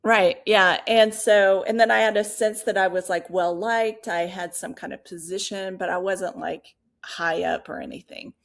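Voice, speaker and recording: A woman co-hosting a podcast, telling a personal story in casual chat, animated and full of fillers and asides. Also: mid-range voice, normal speed, creaky, few pauses. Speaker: podcast co-host.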